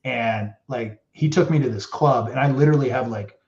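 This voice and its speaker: A man's voice: mid-range voice, normal speed, darkish tone. Rambling man in a roomy dull recording. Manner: rambling, heavy use of "like". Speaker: podcast guest, former hockey player. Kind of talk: casual storytelling. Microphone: podcast mic. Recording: roomy, dull lo-fi podcast audio.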